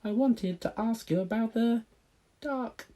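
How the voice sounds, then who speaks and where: A man voicing a small, always hungry baby barn owl in a high, eager, childlike voice. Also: a little slow, dark tone. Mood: nervous.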